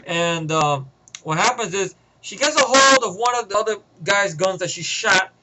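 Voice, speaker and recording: A man vlogging, rambling through a movie pitch in casual slang and swearing, in a noisy home recording. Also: lively intonation, moderate pace.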